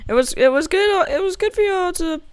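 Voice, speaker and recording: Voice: extremely high pitch, lively intonation, fairly quick, dry recording, clean studio sound. A young gamer rambling and giggling through casual gameplay commentary and a joke story, on a headset or desk mic.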